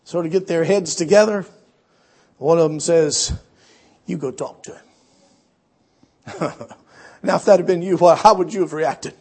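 A man preaching a sermon, animated, acting out quoted voices and swinging between shouts and hushed asides. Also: fairly high pitch, moderate pace.

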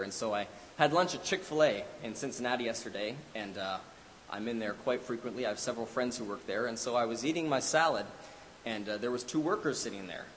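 A man's voice: fairly low pitch, a bit bright. A man preaching a sermon, telling a story dramatically, with his voice swelling for emphasis and then dropping away. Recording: hiss in a reverberant hall.

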